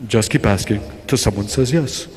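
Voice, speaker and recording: A man putting on a suave deep-voiced Spanish salesman. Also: darkish tone, slight background noise, natural voice. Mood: smooth, deep. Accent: Spanish from Spain. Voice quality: real deep voice, slow and seductive. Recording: live talk in a reverberant hall with an audience.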